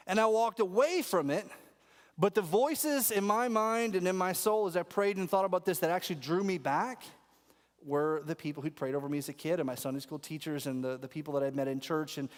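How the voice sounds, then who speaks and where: High-voiced pastor preaching in a reverberant hall. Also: male voice, fairly quick. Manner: animated storytelling, call-and-response with congregation. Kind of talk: sermon. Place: church auditorium.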